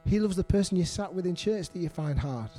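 High-voiced earnest male preacher. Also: animated, a little fast, mellow, soft background music. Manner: earnest, repetitive, asks congregation questions. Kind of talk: sermon.

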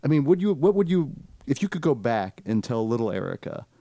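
A man's voice: medium pitch, very animated, a little fast, warm tone, dry recording, studio quality. A man hosting a podcast in casual chat, steering it with questions and hesitant fillers. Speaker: podcast host.

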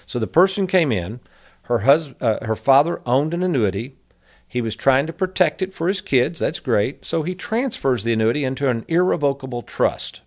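A man's voice: medium pitch, expressive, moderate pace. Folksy middle-aged male radio host, chatty advice talk. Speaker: radio show host, annuity advisor. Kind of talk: casual financial advice talk.

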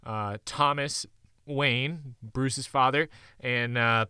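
A man in casual conversation about a movie, animated and quick to laugh. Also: medium pitch, clear, resonant tone, dry recording, clean studio sound.

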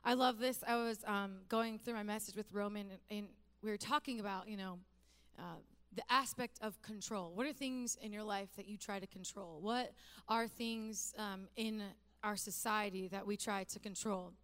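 A woman's voice: mid-range voice, steady tone, moderate pace, fairly bright tone, clear, resonant tone. A woman pastor giving a conversational, humorous sermon that builds to emphatic repeated phrases.

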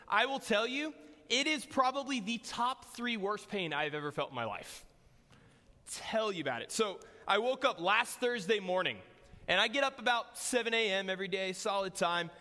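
Young male preacher, bright voice, hall reverb. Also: high voice. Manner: casual, joking, storytelling. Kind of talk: sermon with personal story. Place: church hall.

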